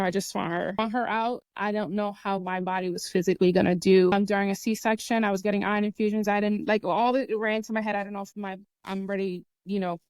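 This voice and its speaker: A young woman with a smooth, clean voice tells a personal story on a podcast, earnest and lively, acting out other people's lines as she goes. Her voice sits close and dry on the mic with no room around it. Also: medium pitch, no room sound. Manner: earnest, lively retelling with acted-out quotes and sound imitations. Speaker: podcast host.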